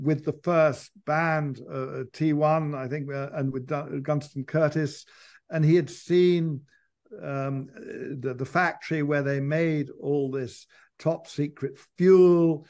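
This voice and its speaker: A man with a slightly higher pitch than most men, speaking as a biographer in a conversational interview. He tells long, winding stories and often stops to restart his sentences. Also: steady tone, slow, a little mellow. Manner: thoughtful, digressive storyteller with frequent restarts.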